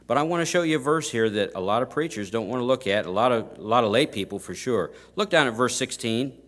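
A man's voice: medium pitch, animated, fast. Folksy emphatic male preacher. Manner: folksy, emphatic, rising to loud stresses. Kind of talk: sermon.

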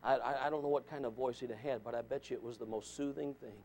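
A male pastor preaching a sermon, swinging between shouting and hushed softness, with stammering restarts. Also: mid-range voice, steady tone, fast.

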